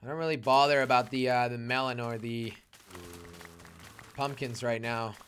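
A man's voice: mid-range voice, fairly even intonation, normal speed, fairly bright tone, faint music behind. A young man streaming live gameplay, exclaiming and fretting aloud and answering his chat. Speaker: gaming streamer.

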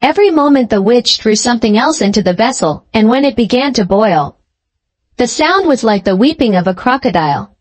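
Woman storyteller with a fairly high voice, steady clear fairy-tale narration. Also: brisk. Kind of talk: scripted storybook narration for English learners.

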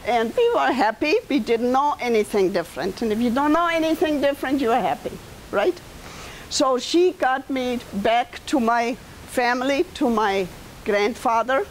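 A woman's voice: fairly high pitch, moderate pace, slight background noise, rough recording. A woman in her seventies with a German accent, telling her life story to an audience in a conversational way, turning to listeners with asides. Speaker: guest speaker and author.

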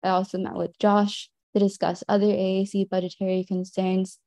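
A young woman, a student council member, giving earnest, measured remarks at a meeting with frequent pauses. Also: medium pitch, little pitch movement, mellow, dry recording. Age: young adult.

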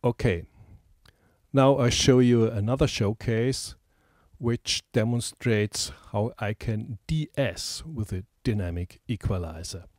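Man, slow hesitant tutorial talk, lowish voice, dry close mic. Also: a little mellow, no room sound. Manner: hesitant, many ums and uhs. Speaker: music production tutor. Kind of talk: screen-recorded software tutorial.

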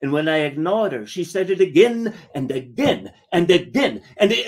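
A man's voice: high voice, expressive, normal speed, few pauses, darkish tone. A man reading a comic story aloud as a first-person pirate, using "be" in place of the usual verbs.

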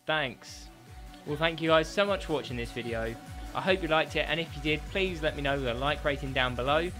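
A man giving excitable, sweary commentary on his own gameplay, trash-talking as he plays. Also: on the high side, a little fast, faint music behind. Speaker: gaming YouTuber.

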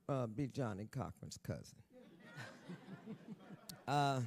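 A woman in her sixties, a guest author telling stories on stage at a live event, brassy, bawdy and loud, laughing often and talking straight to the audience. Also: rumbling low. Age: 60s. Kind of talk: storytelling on stage.

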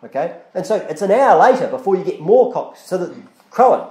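Lively, high-voiced preacher in an echoey hall. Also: male voice, brisk. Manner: conversational preaching with many restarts and quoted dialogue. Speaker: pastor. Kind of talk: sermon. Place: church.

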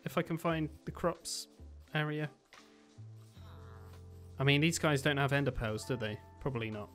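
A man giving chatty let's-play commentary as he plays, thinking aloud with excitable bursts. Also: a little high, moderate pace, faint music behind. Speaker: gaming video creator.

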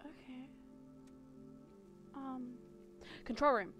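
A young woman giving live gameplay commentary as a streamer, excitable, swearing freely and exclaiming at what she sees. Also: high-pitched, very slow. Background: game music.

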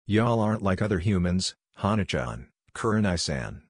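A man's voice: deep voice, animated, moderate pace, husky, no room sound, studio quality. A man reading Naruto, a brash fox-eared boy. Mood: cheery. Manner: shouting insults. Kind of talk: narrated fan fiction.

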